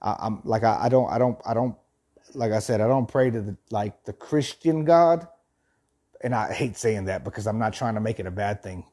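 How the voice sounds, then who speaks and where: A man speaks in a warm, relaxed, mellow tone. He reads a passage aloud and then moves into earnest motivational talk. He circles back and repeats his phrases as he goes. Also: fairly low pitch, normal speed. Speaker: host of a thirty-day motivational journey.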